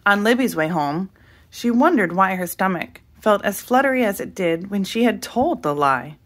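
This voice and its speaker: A woman reading a children's picture book aloud in an expressive narrating voice. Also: medium pitch, moderate pace. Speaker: storybook reader.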